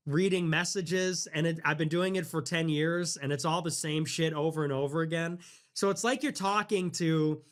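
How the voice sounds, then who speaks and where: A young man hosting a livestream, ranting casually in a sarcastic, mocking, profane way, jumping between squeaky mock voices and low mutters. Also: fairly bright tone. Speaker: livestream host.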